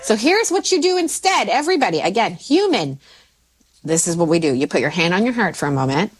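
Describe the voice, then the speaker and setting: A woman in her forties, a mindset coach, talking casually and jumping up in pitch when she quotes herself. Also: fairly quick, slightly rough. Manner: animated, swoops into high pitch when quoting herself. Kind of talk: casual podcast chat.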